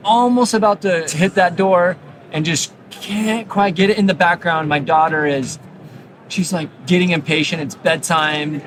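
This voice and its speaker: A middle-aged man, an orthodontist guest, talking with lively storytelling energy and lots of fillers on a busy exhibit hall floor. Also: high-pitched, measured pace. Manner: energetic, anecdotal, frequent fillers. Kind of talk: animated storytelling in conversation. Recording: noisy convention floor.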